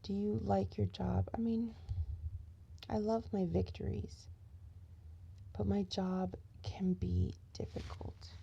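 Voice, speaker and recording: A woman's voice: medium pitch, level tone, slow pace, gravelly, long pauses, warm tone, lo-fi sound, slight background noise. A tired woman venting in a rambling, profane rant that often drops to a whisper.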